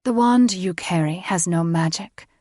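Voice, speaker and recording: A cold, condescending fae queen, as a woman narrator puts her on hands down clipped orders in a slightly raised, commanding voice. The delivery is measured and unhurried. The sound is dry and close, with no room around it. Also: fairly low pitch, dark tone, no echo. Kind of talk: audiobook character voice.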